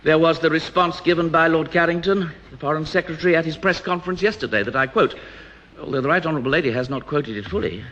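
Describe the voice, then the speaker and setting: A man speaking in a parliamentary debate as an opposition politician, rhetorical and emphatic, with pauses and restarts. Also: fairly high pitch, a bit bright. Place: House of Commons debating chamber. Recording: dull archive parliamentary broadcast.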